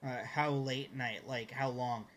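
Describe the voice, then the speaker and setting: A man's voice: mid-range voice, fairly even intonation, measured pace, a bit bright, a little hiss or hum. A man chatting casually on a live stream while gaming, rambling and greeting viewers by name.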